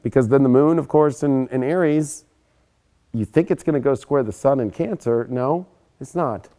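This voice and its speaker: Young adult man, astrology presenter, casual live monologue, animated, profane, emphatic. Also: medium pitch.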